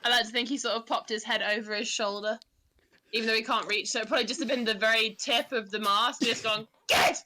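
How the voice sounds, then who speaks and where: A woman's voice: a little high, fairly even intonation, quick pace, bright, forceful tone, slight background noise. A woman playing a tabletop game, chatty and giggly. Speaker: player.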